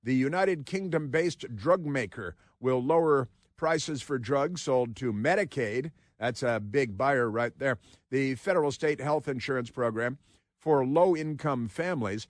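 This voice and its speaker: A man's voice: medium pitch, unhurried, no room sound, studio quality. A man hosting a talk radio show, rambling sardonically between headlines he reads aloud.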